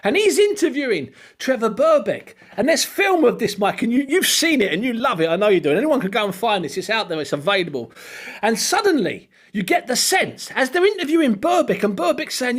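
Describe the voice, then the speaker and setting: A man, co-hosting a casual chat and telling stories with animated laughter. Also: very high voice, fairly quick. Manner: animated storyteller, laughs often. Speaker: podcast co-host.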